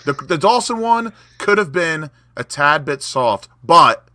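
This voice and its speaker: Bright, ranting football fan. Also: male voice, a little high, big pitch swings, unhurried, no echo, clean studio sound. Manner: heated, sweary ranting. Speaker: guest pundit. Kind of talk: casual post-match chat.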